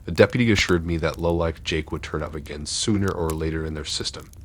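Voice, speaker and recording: A man reading horror stories aloud in a steady, dark scripted narration. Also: a bass voice, fast.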